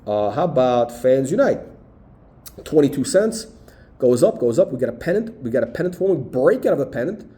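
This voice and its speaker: A man walking through stock charts, talking emphatically and punctuating points with "boom" and "okay". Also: big pitch swings, brisk, dark tone. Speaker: stock market commentator. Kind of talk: chart walkthrough video.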